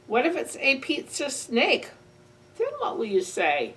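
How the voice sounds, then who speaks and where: A woman's voice: sits high, huge pitch swings, unhurried, fairly bright tone. A woman librarian reading a picture book aloud to children in a playful way, with animal sound effects. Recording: distant mic with faint ambient noise.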